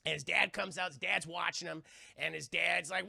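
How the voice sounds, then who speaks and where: A man rambles through a film review on a live stream, swearing often and speaking directly to his chat. His high voice is fast, gravelly, pushed and bright, captured with studio quality and no echo.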